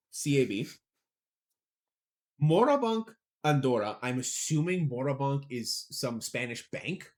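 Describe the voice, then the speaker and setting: A man's voice: medium pitch, sing-song, takes it slowly, pauses often, darkish tone. A young man co-hosting a casual sports podcast, rambling and joking about his own pronunciation. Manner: chatty, rambling, self-deprecating about pronunciation. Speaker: podcast co-host.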